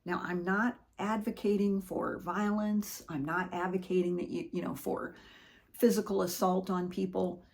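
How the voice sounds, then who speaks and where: A woman's voice: fairly low pitch, normal speed. A middle-aged woman hosting a podcast, talking earnestly and conversationally in a personal motivational monologue. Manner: earnest, conversational storytelling with animated quoted voices. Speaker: podcast host.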